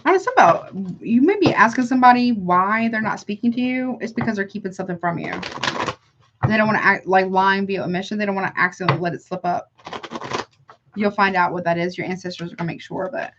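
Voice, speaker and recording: A woman's voice: medium pitch, fast talker, lo-fi sound, background noise. A woman doing a live tarot reading for her chat viewers, chatty and affectionate, calling them honey between card draws. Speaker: tarot reader.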